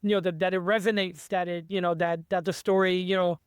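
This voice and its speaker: An eager man chats about his writing in a casual interview, his high voice smooth and resonant. He rambles and restarts his sentences often. The sound is dry and close. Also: level tone, fairly quick, no room sound. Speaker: author being interviewed.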